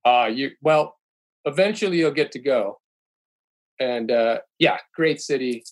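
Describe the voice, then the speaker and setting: A middle-aged man chats casually as a podcast guest, at an ordinary middle pitch. He rambles through his stories, stopping and restarting with plenty of fillers. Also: a little slow, poor audio. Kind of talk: casual chat.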